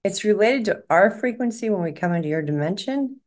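A woman's voice: mid-range voice, animated, brisk, darkish tone. A woman talking as a psychic medium in casual chat, rambling and restarting as she relays what she is shown.

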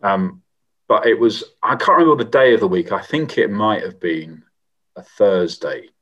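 A middle-aged man, a former member of parliament, answering interview questions in a measured, reflective way with frequent pauses and restarts. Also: on the low side, fairly bright tone, muffled recording. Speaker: former MP, guest.

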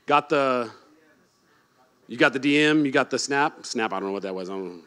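A man preaching a sermon as pastor, animated and joking, moving from quiet asides to shouted emphasis. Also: mid-range voice, brisk. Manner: joking, teasing the congregation.

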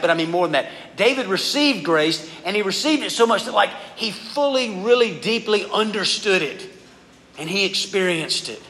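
A man preaching a conversational sermon, reading scripture and talking informally to a youth group. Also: on the high side. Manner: casual, animated preaching, often addresses listeners as "guys". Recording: reverberant hall with faint background noise.

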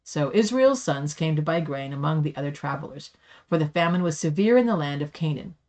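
A woman reading Bible passages aloud for a Bible study, steady with small slips. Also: low-pitched, a little fast. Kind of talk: scripture reading.

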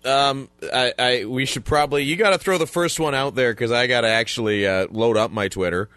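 A man's voice: medium pitch, brisk, fairly bright tone, no echo. A man co-hosting a podcast, chatting casually about football with rambling jokes and acted-out quotes. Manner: jokey, rambling, acts out quotes. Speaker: podcast co-host. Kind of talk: casual sports chat.

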